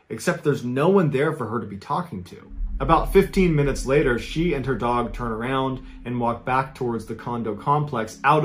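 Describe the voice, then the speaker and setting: A male storyteller who narrates a true story in a relaxed, conversational tone. His pitch sits in the middle range, and he often adds casual asides as he talks. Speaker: storyteller host.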